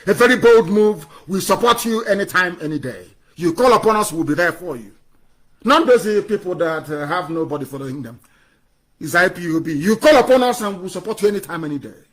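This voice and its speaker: Fiery Nigerian man, high-pitched. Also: a bit bright. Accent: Nigerian English. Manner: fiery, scornful, repeats phrases for emphasis. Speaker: political activist addressing followers. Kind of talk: impassioned political broadcast.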